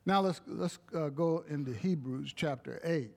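A man preaching a sermon, slow and emphatic, breaking into short exclamations of praise. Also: fairly high pitch, vocal fry, darkish tone.

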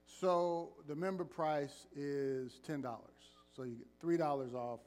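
A man's voice: on the high side, measured pace, a little mellow, faint music behind. A man preaching as pastor in a church, calling for responses and joking with the congregation. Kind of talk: sermon with announcements.

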